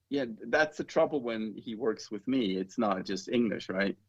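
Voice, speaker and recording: A man's voice: on the low side, lively intonation, moderate pace, few pauses, highs cut off. A man being interviewed as an author, talking in a chatty, rambling way with laughs. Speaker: author, guest. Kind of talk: casual interview chat.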